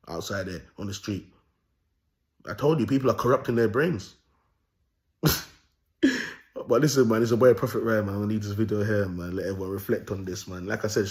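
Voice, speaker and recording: A man's voice: fairly low pitch, darkish tone. A young man with a London accent hosting his own video, ranting in comic commentary, swearing freely and laughing at his own jokes. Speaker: host.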